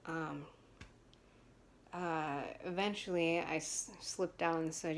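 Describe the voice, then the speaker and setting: A woman's voice: deep voice, fairly even intonation, a little slow, slight background noise. A woman in her twenties telling a personal story to camera in a frank, chatty way, with many fillers and restarts. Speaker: vlogger.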